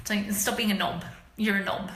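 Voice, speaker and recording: A woman's voice: medium pitch, steady tone, normal speed, creaky, fairly bright tone. An Australian woman hosting a casual live chat, talking to her viewers by name in a rambling, slangy, chatty way. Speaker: livestream host chatting with viewers. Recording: roomy echo.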